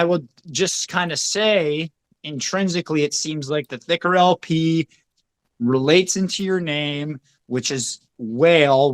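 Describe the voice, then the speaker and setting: A man's voice: on the high side, fairly bright tone. A man hosting a casual talk, rambling with many fillers as he talks it through. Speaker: host. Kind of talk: casual chat.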